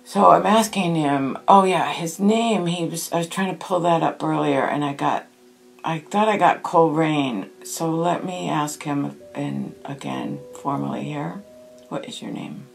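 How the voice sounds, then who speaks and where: A woman spirit medium, speaking slowly and thoughtfully as she records a meditation session. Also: sits low, creaky, faint music behind. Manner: slow, hushed, thoughtful.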